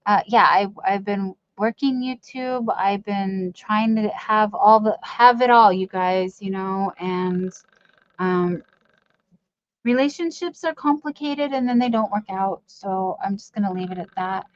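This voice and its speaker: A woman's voice: medium pitch, measured pace. A woman hosting a casual live stream, rambling as she reads viewers' chat aloud and teases herself. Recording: dull lo-fi stream audio.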